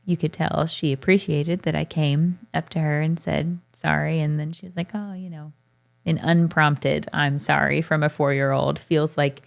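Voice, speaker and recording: A woman's voice: deep voice, flat delivery, moderate pace, creaky. A woman in her thirties co-hosting a parenting talk show, telling a family story in a chatty way with frequent laughs. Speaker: podcast co-host. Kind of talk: casual chat.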